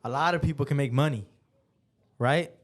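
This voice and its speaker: A man's voice: medium pitch, moderate pace. A man hosting a podcast interview who answers his guest in an earnest, affirming way. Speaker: podcast host. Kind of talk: interview conversation.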